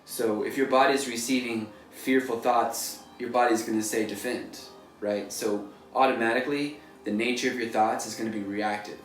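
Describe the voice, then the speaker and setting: A man's voice: mid-range voice, steady tone, normal speed, hardly any pauses, faint music behind. A man, a painter, giving a casual motivational talk in a loose, rambling way full of "like" and "you know", recorded from a distance in an echoey room. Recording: echoey room, distant mic, faint noise.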